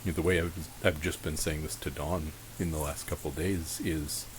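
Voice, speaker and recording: Deep-voiced man hosting a reflective talk. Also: fairly even intonation, moderate pace, very noisy. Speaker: podcast host. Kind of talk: reflective podcast conversation.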